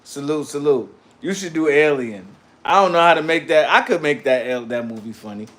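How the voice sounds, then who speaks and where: A man hosting a casual livestream, talking back to his chat in a loose, slangy, animated way. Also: fairly high pitch, brisk. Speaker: livestream host reading chat.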